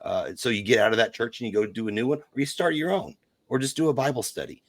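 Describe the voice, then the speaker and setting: A man's voice: medium pitch, lively intonation, fast talker, dry recording. A man on a podcast, talking emphatically and giving firm opinions in casual chat.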